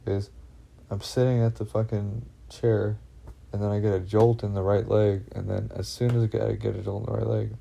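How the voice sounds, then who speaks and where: Brief: man, gravelly low voice, husky edge, anxious rambling vlogger who swears a lot and keeps restarting. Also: little pitch movement, dark tone, lo-fi sound. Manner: halting, full of fillers and restarts, heavy swearing; uneasy, anxious telling. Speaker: vlogger recounting personal experiences. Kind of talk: rambling first-person monologue.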